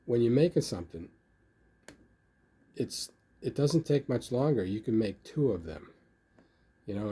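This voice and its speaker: A man's voice: on the low side, warm tone, slightly rough. An older man casually talking about his model building, rambling and filling his speech with "you know.". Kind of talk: casual hobby video talk.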